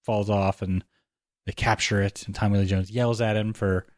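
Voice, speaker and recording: A man recapping a movie in casual chat, animated and quick with joking asides. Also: on the low side, dry recording, clean studio sound.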